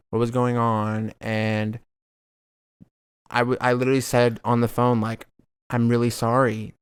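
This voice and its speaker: Gravelly young man in casual chat. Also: medium pitch, no room sound. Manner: supportive, halting, many fillers. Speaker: podcast co-host.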